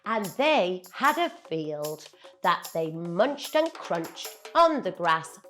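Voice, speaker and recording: A young British woman telling a children's story in an animated, playful way, drawing her words out. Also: lowish voice, slow pace, faint music behind.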